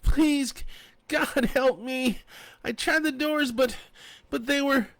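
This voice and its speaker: A man voicing a terrified, trapped young woman who screams hoarsely for help. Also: extremely high pitch, drawn-out words, dry recording, pitched above the performer's own voice, heavily acted. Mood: desperate screaming. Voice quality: raspy, screaming.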